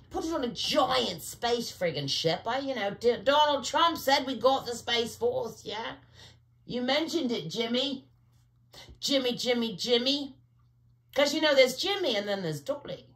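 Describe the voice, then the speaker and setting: A woman's voice: a little high, lively intonation, unhurried, fairly bright tone, echoey room. A woman talking to camera in a rambling, digressive monologue, often searching for words and filling with "you know.". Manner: conspiratorial, speaks in asides. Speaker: vlogger.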